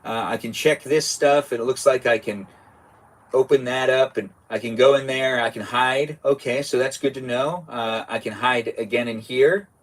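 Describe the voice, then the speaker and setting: A man's voice: medium pitch, normal speed. Chatty young man streaming a game. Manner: rambling, chatty, self-interrupting. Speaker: live streamer. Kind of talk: casual gaming live stream chat.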